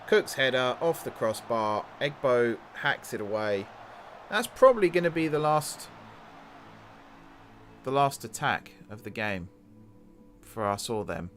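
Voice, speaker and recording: A man hosting a gaming channel, casually commentating a football management game and urging his players on, with faint music behind him. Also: medium pitch. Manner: excitable, talks to the game's players.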